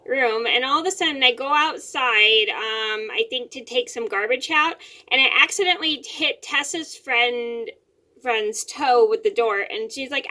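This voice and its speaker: Bright-voiced young woman rambling a story. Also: on the high side, a little slow. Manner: rambling, repeats and restarts words, many fillers. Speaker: vlogger. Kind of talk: casual storytelling to camera. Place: her bedroom at home.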